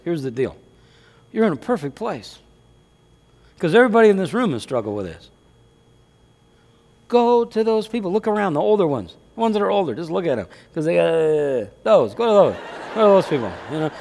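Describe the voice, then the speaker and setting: A man preaching a sermon as pastor of his church, talking in a lively, conversational way full of rhetorical questions. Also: high-pitched. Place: church sanctuary. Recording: long hall reverb.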